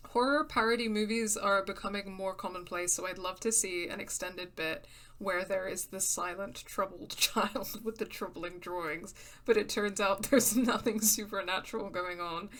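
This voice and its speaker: A woman's voice: mid-range voice, steady tone, normal speed, fairly bright tone. A woman streaming a game, talking in a rambling, filler-heavy way and laughing often. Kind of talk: casual gaming commentary.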